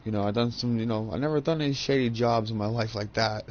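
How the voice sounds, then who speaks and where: A man's voice: medium pitch, fast, dull audio, a little hiss or hum. A man in his thirties chatting casually while gaming, a profane, rambling storyteller on a headset. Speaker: gaming channel host.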